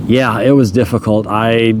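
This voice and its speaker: A man's voice: medium pitch, background noise. A man telling a personal story in a loose, rambling way, often saying "you know" and chuckling.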